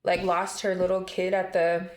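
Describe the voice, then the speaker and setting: A woman's voice: fairly low pitch, monotone, normal speed, reverberant. A woman telling a personal story on a casual vlog, emotional and rambling, with lots of fillers and restarts. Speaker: vlogger.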